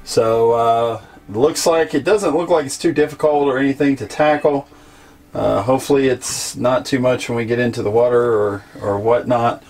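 A man's voice: mid-range voice, normal speed, darkish tone. Easygoing man, filler-heavy chat. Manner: easygoing, hesitant with many fillers. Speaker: vlog co-host. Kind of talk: casual how-to chat.

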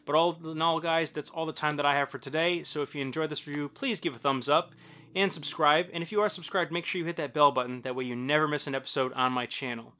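A man's voice: on the high side, steady tone, fast, bright, forceful tone. A man in his thirties hosting a casual film review, enthusiastic and talking straight to his viewers. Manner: enthusiastic, addresses viewers as "guys". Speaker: film reviewer, channel host.

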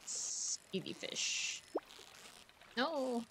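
A woman's voice: sits high, lively intonation, extremely slow, noisy background. A woman streamer chatting casually over gameplay, giggling and talking to the game's characters from a room at home.

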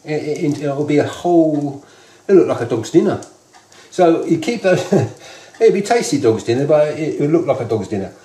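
A man's voice: fairly high pitch, expressive, normal speed, warm tone. Chatty British man cooking at home. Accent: British English. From United Kingdom. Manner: chatty, rambling, repeats himself. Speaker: home cook host. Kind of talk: casual cooking demonstration. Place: home kitchen. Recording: echoey kitchen with faint noise.

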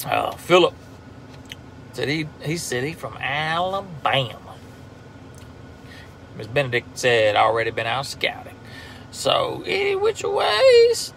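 A man's voice: medium pitch, takes it slowly, pauses often, fairly bright tone, slight background noise. A man with a Southern US accent chatting casually on a live stream about hunting, in a laid-back drawl full of fillers and laughs. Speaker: turkey hunter and call maker, social media host.

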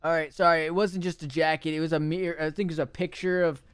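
A man streaming a game roleplay as a delivery driver, talking in a hurried, chatty way and stepping out of character to talk to his chat. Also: a little high, little pitch movement, smooth, no room sound.

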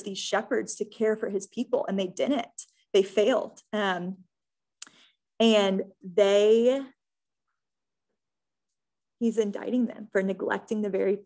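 A young woman teaching a Bible study, casual and earnest, often pausing with "um" and checking in with "right?". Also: medium pitch. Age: young adult.

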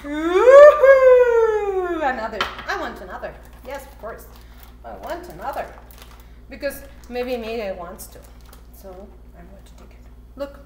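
High, lively woman teaching kids. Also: a little slow, long pauses, roomy sound, noisy background. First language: Spanish. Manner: animated and sing-song, with frequent excited gasps. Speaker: teacher for children. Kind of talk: playful cooking lesson for kids.

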